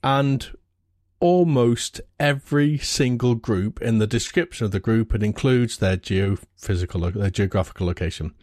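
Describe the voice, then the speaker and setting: A man with a military and defense background, explaining things in a measured way during a casual panel discussion. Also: fairly low pitch, darkish tone, dry recording, clean studio sound.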